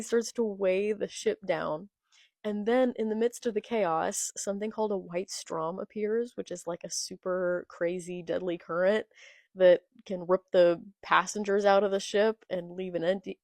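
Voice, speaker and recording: A woman's voice: medium pitch, darkish tone, no room sound, clean studio sound. A young woman talking casually and enthusiastically as she recaps and reacts to a manga she is reading. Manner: enthusiastic, gushing. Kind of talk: casual chat.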